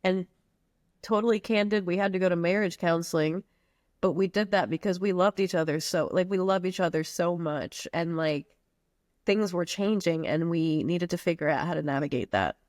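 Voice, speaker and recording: A woman's voice: lowish voice, moderate pace, a little mellow, no room sound. Woman guest from the U.S. Virgin Islands, candid and heartfelt, casual slang, dry close sound. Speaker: podcast guest. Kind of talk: candid personal conversation.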